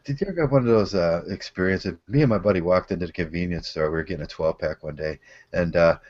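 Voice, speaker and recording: A man's voice: sits low, quick pace, darkish tone. A man hosting a casual chat, telling crude stories with frequent laughter. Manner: storytelling with laughs and crude language. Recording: dull lo-fi audio.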